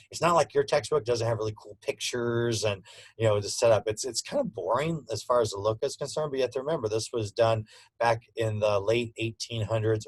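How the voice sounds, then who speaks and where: Low-voiced man giving a culinary lecture. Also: dry recording, poor audio. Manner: casual, conversational teaching with frequent fillers. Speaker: culinary instructor. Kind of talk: classroom lecture.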